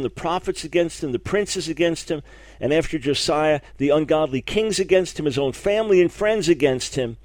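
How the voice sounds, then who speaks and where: A middle-aged male preacher delivering a broadcast sermon in a fairly high voice. He is emphatic and fervent, doubling words for stress. The sound is dry and close, with no room around it. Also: darkish tone, no echo. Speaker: preacher and radio Bible teacher.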